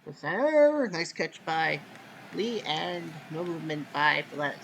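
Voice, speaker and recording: A man hosting casual play-by-play commentary of a simulated baseball game, relaxed and chatty, with sudden loud calls on big plays. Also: fairly high pitch, measured pace, creaky, a little hiss or hum.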